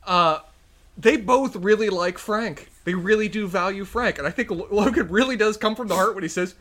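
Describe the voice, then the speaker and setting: A man co-hosting a podcast, chiming in with quick agreement while recapping a TV episode. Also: sits high, fairly bright tone. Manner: quick interjections and eager agreement. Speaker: podcast co-host. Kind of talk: casual TV recap chat.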